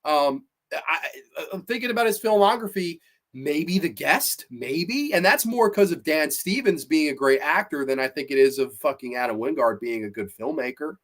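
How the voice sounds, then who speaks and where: Guy ranting hard about movies, cussing a lot, bit high voice. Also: expressive, normal speed. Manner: blunt, profane, ranting. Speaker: podcast host reading live chat. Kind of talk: casual live-stream chat.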